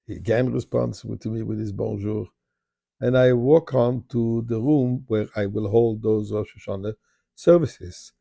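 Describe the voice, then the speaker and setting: A man, a rabbi, telling a personal story in an animated way, rattling off Hebrew prayer quickly in places. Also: lowish voice, vocal fry, husky, no echo, studio quality. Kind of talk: spoken storytelling. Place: Montreal.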